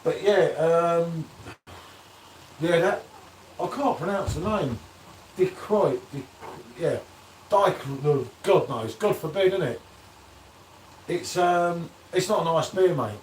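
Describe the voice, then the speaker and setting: A man's voice: a little high, lively intonation, takes it slowly, pauses often, a little mellow. Man, casual live-stream banter, echoey room, faint background hum. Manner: chatty, banters and reads out viewer comments. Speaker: beer reviewer hosting a live stream. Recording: echoey room, distant from the mic.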